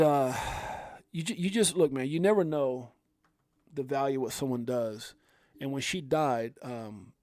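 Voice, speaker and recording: A man's voice: medium pitch, darkish tone, no echo. A middle-aged man hosting a livestream, talking to his viewers in a heartfelt, rambling way that keeps repeating itself. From California. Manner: rambling, emotional, repeats himself. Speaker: crypto livestream host.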